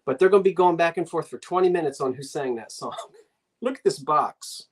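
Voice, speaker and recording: A woman's voice: low voice, brisk, breathy edge. An older woman with a New Jersey accent, hosting a live online antiques sale in a chatty, rambling way, talking to herself and her viewers as she goes.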